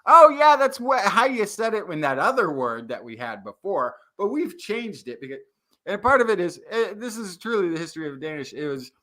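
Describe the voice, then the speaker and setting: A male podcast co-host from the United States, talking casually in a rambling, halting way. His voice sits a little high, with lively pitch swings and a bright, forceful tone. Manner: rambling, full of restarts, animated. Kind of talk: casual chat.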